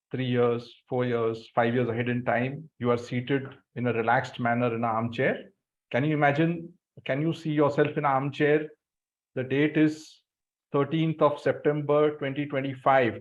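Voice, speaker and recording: A man leading a group through a guided visualization exercise, giving slow breathing cues. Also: mid-range voice, flat delivery. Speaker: workshop facilitator. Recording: dull lo-fi sound.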